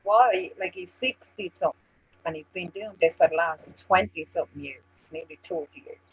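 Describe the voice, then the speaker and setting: A woman with an Irish accent co-hosting a casual chat show, telling stories in a blunt, profane and animated way. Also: fairly low pitch, moderate pace, dull audio, slight background noise. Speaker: co-host.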